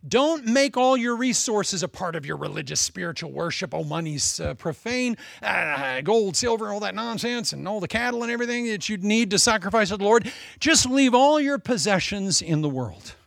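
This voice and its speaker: A preacher putting on a wheedling Satan who coaxes slowly, with a raised, lively voice. The sound is dry and close. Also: male voice, sits high, gravelly, no echo, full character voice. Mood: coaxing. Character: scheming male Satan, coaxing and bargaining.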